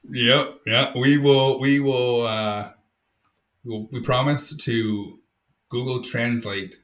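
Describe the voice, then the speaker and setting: A man co-hosting a podcast, reading out news updates in a steady, upbeat casual chat. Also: mid-range voice, slow, reverberant. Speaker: podcast co-host.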